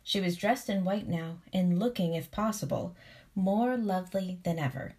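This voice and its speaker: A woman reading a classic story aloud in a calm, soothing way, giving each character expression. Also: lowish voice, normal speed. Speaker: storybook reader. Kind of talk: calm read-aloud storytelling with relaxation cues.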